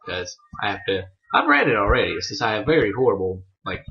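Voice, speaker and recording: A man's voice: on the low side, huge pitch swings, fast, dull audio. A young man chatting casually through a manga chapter review, rambling, swearing freely and poking fun at himself.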